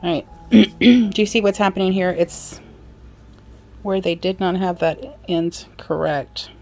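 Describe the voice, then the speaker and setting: A woman leads a casual sewing demonstration, chatting as she works and adding apologetic asides. Her voice is fairly low and darkish, with fairly even intonation and an unhurried pace.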